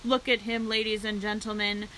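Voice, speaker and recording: A woman voicing a pompous male fair announcer in a storybook read-aloud, speechifying with grand, drawn-out phrases. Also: medium pitch, flat delivery, pushed and bright, slight background noise, natural voice, rough recording.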